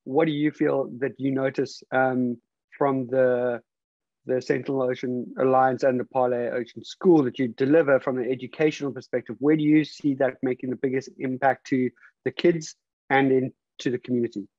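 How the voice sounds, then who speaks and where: A man hosting an online interview, rambling and halting with many fillers and restarts. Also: mid-range voice, steady tone, darkish tone, no room sound, dull audio. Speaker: interview host.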